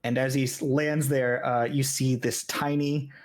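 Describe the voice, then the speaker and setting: A man's voice: medium pitch, flat delivery, measured pace. A man narrating a tabletop game as game master, in a casual style with frequent "like" fillers.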